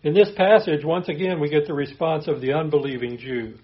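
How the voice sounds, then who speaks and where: A man preaching a sermon, reading scripture aloud and explaining it in an earnest, steady manner. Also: fairly high pitch, brisk, dull audio. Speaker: pastor.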